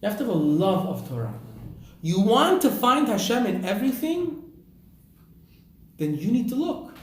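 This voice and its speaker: Animated male rabbi telling a story. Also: high-pitched, moderate pace. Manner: animated storyteller using Hebrew terms. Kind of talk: storytelling sermon. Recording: echoey room with faint ambience.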